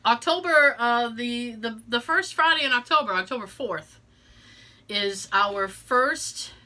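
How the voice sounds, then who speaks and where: A woman co-hosting a casual podcast, rambling along with plenty of fillers and restarts. Her voice sits fairly high and sounds bright and forceful. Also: animated, measured pace. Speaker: podcast co-host. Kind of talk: casual chat.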